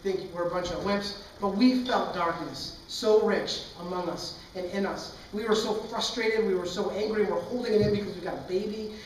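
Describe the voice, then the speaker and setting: A man's voice: high voice, moderate pace, few pauses. Young male pastor, earnest storytelling sermon, recorded in a reverberant hall with faint noise. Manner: candid storytelling, earnest and impassioned. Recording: echoey hall, far from mic.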